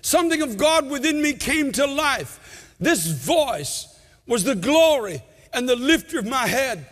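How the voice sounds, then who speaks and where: A pastor preaching an impassioned sermon, his voice often rising to shouts. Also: very high-pitched, big pitch swings, unhurried. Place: large church sanctuary. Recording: long church reverb.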